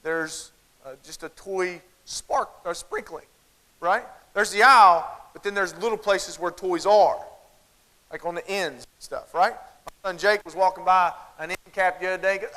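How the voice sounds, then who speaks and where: A man with a Southern American accent delivers a humorous keynote, his voice set high and ringing bright. He tells stories in a folksy, animated way and often turns to the crowd with quick asides. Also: rough recording. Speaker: keynote conference speaker. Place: large conference hall before a crowd.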